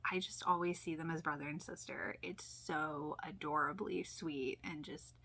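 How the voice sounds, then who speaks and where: A woman hosting a casual TV rewatch reaction, chatty and full of fillers, often sinking into soft near-whispers and laughing often. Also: low voice, fairly even intonation, moderate pace, slightly rough. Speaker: YouTube reaction host.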